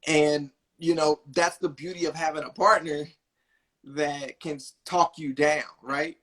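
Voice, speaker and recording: Young male podcast host, bright and high, casual storyteller. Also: measured pace. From New Jersey. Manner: animated, acts out quotes with big pitch jumps.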